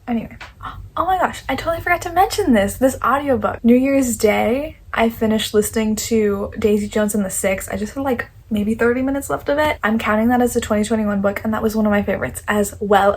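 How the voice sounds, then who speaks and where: Young woman book vlogger, chatty and excited, thinks out loud, bit of faint hiss behind her. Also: medium pitch, poor audio. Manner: chatty and enthusiastic, thinking aloud. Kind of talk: casual chat.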